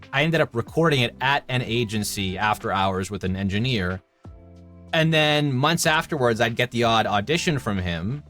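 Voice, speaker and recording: A man in his thirties from Canada, a voice actor chatting casually in an interview and telling lively anecdotes. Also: on the low side. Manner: chatty, animated anecdotes with acted-out quotes. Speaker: voice actor guest.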